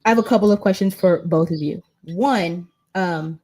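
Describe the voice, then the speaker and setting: A woman's voice: on the low side, normal speed, a little mellow. Woman, 30s, from the US, panel host, casual conversation, rambling with fillers and restarts. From United States. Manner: talkative, many fillers and restarts. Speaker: host and patient advocate.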